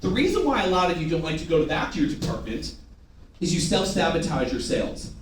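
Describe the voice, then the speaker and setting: This man's voice sits on the high side and moves quickly as he delivers a lively, joking sales training to staff, pushing them through call-and-response. The setting is a large room full of listeners, picked up from a distance with echo and slight background noise.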